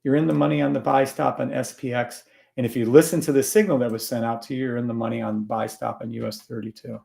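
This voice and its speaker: A man hosting a live trading stream, gruff and blunt, swearing and scolding his viewers while he calls out trades. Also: medium pitch, level tone, fast, warm tone.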